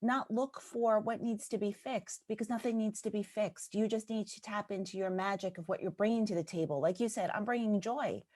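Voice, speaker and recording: A woman's voice: medium pitch, fairly quick, few pauses, a little mellow. A woman from New York, a business and life coach, speaking as a guest in a casual podcast conversation, earnest and often checking in with "right?".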